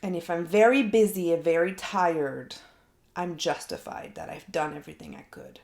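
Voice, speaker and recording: A woman's voice: fairly low pitch, normal speed, creaky, a little mellow, roomy sound. A woman coach talking herself through an unscripted coaching session, reflective and thinking aloud. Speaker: life coach. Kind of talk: unscripted self-coaching monologue.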